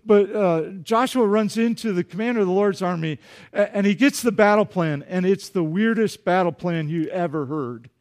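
High-voiced animated male pastor. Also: normal speed. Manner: animated, acts out dialogue, jokes with congregation. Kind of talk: sermon.

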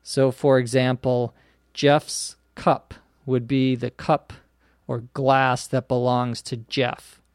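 A man hosting an English-learning podcast, explaining words slowly and spelling them out letter by letter with frequent "uh"s. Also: medium pitch, level tone, clear, resonant tone, no room sound, studio quality. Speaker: English teacher podcast host. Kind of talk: slow explanatory podcast lesson.

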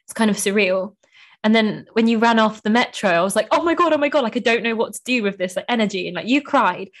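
In this casual podcast chat, the young female host speaks fast at a medium pitch. She gushes emotionally and keeps dropping in "like."

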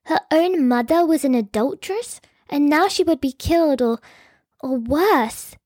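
A woman's voice: sits high, expressive, measured pace, a little mellow, no echo, studio quality. A woman telling a historical story in scripted narration with lightly wry asides.

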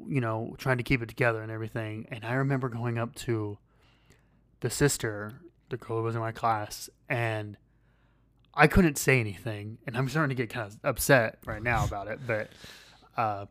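A man co-hosting a podcast in casual chat, rambling and halting with many fillers and restarts. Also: mid-range voice, fairly even intonation, a bit bright, no room sound. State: losing his voice. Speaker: podcast co-host.

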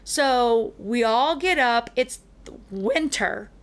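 Middle-aged woman chatting on a podcast, kinda high voice, animated storyteller. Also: drawn-out words. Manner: animated, acts out the people in her stories. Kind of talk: casual storytelling chat.

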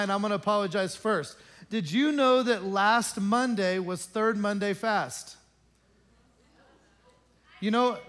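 A man's voice: extremely high pitch, fairly bright tone. A male pastor making informal announcements to his congregation in a church, joking and chatty and often asking the room questions. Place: church sanctuary.

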